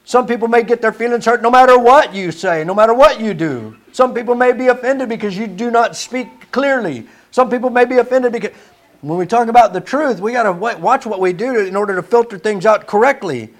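A man's voice: very high voice, brisk. A man preaching a sermon in an earnest, conversational way, stumbling and restarting now and then.

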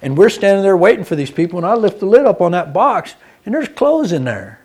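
A man preaching a sermon in a folksy storytelling way, swinging between loud and hushed. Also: high-pitched, big pitch swings, brisk.

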